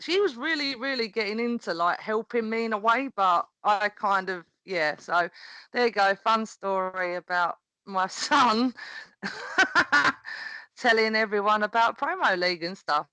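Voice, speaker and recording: A woman's voice: mid-range voice, unhurried, no room sound, poor audio. A woman, a podcast guest, chatting casually and animatedly, laughing often as she tells a story. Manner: animated, laughs often, acts out quoted voices. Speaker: podcast guest, wrestling promo performer.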